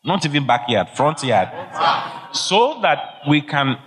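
A man's voice: a little high, very animated, takes it slowly, a bit bright. A middle-aged man preaching a sermon, emphatic and exhorting, repeating key phrases. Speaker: pastor. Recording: long hall reverb.

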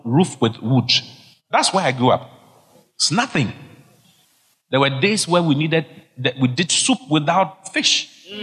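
A man's voice: fairly high pitch, fairly bright tone. A middle-aged man preaching a sermon, emphatic and exhorting, repeating key phrases. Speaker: pastor. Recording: long hall reverb.

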